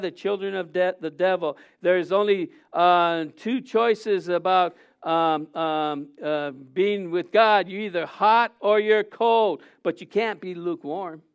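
A man with a high, smooth, resonant voice preaches an informal sermon. He keeps asking rhetorical questions and stumbles through fillers and restarts, and the recording sounds a little dull and muffled. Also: unhurried, few pauses.

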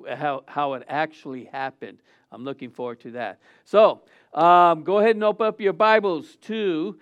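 A man's voice: on the high side, clear, resonant tone, highs cut off. A middle-aged man preaching a casual Easter sermon as pastor, rambling with many fillers and restarts, and his voice swells on quoted lines.

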